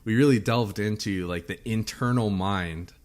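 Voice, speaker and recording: A man's voice: fairly low pitch, normal speed. A man hosting a podcast, teasing his co-host in casual chat and laughing often.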